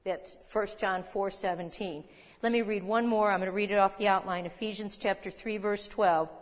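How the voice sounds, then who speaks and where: A woman's voice: medium pitch, fairly even intonation, normal speed. A woman teaching a sermon in a conversational, emphatic way, explaining scripture and reading verses aloud. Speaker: Bible teacher. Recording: long hall reverb.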